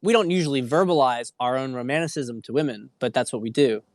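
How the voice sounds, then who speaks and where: A man's voice: medium pitch, fast talker, dry recording, studio quality. A man hosting a dating livestream, speaking in an earnest, preachy way with frequent restarts. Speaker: dating coach. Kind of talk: livestream talk.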